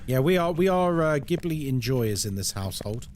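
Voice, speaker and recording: A man's voice: mid-range voice, animated, moderate pace, darkish tone, a little hiss or hum. A man giving live commentary on a horror game as a streamer, chatting with viewers and reacting aloud to what happens. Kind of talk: live gameplay commentary and chat.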